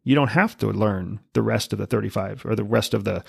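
A man's voice: lowish voice, brisk, gravelly, darkish tone, breathy edge, no room sound, studio quality. A man who is a podcast guest, explaining things confidently in casual interview talk. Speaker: podcast guest, former spy.

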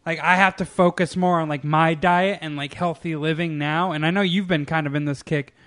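A man's voice: a little high, fairly even intonation, a little fast, fairly bright tone. A young man chatting casually with a friend, telling a rambling, profane story and laughing often. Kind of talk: casual chat.

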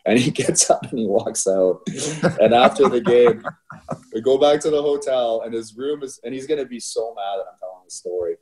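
A man's voice: medium pitch, moderate pace. A middle-aged man who coaches youth hockey, telling stories in a casual chat and laughing through them, often tagging "right?" onto his lines. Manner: animated storyteller, laughs through anecdotes, frequent "right?".

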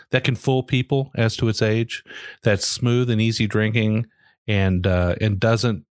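A man co-hosting a casual podcast, talking in a halting, hesitant way. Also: fairly low pitch, no room sound, studio quality. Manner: halting, hesitant, with many restarts. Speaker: podcast co-host.

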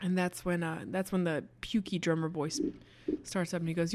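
A woman co-hosting a podcast, chiming in with quick asides to a comic story. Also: on the low side, little pitch movement, darkish tone. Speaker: podcast co-host. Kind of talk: improvised comedic storytelling.

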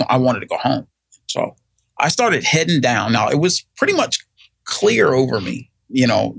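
A man's voice: mid-range voice, vocal fry, a bit bright, breathy edge, dry recording. A middle-aged man, telling a personal story in casual chat, rambling with many fillers and acting out what people said. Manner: rambling, many fillers and restarts, acts out quoted voices. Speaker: guest telling his story.

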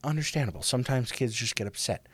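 A young man telling a story in casual chat, profane and animated, full of fillers. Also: mid-range voice, quick pace, breathy edge, no echo.

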